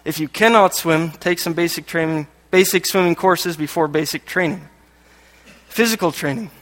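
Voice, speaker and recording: A man's voice: a little high, moderate pace, a bit bright. A man from Canada giving a sermon, reading passages aloud and adding joking asides between them. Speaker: lay preacher. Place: church hall. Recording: echoey hall with long reverb.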